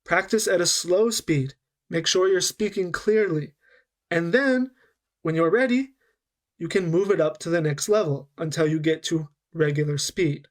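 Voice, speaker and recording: Male English tutor, higher-pitched, patient and encouraging, online course delivery. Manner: patient, slows down to demonstrate, frequent "okay?" and "right?". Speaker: English teacher.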